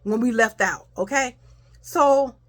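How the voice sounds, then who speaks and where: A young adult woman casually telling a childhood story to her viewers, animated and chatty. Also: fairly high pitch, slow. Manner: animated, addresses viewers as y'all.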